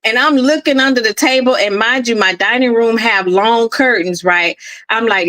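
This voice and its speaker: Middle-aged woman host, high, bright and animated, casual storytelling. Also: moderate pace, rough recording. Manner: animated, laughing often, addresses listeners as "girl". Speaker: podcast host. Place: at home, in her office.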